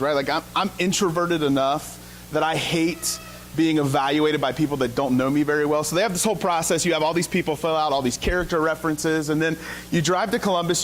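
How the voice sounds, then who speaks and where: A man's voice: on the high side, slight background noise. A male pastor from Ohio giving a conversational sermon full of storytelling and sarcastic, self-deprecating asides. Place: church sanctuary.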